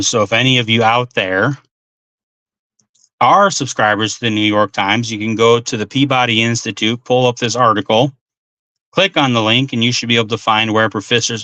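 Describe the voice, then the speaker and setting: Bright-voiced man hosting a talk show. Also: lowish voice, fairly even intonation, normal speed, no echo. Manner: reads blog passages aloud with frequent ums and asides. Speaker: podcast host. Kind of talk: casual talk-show reading and commentary.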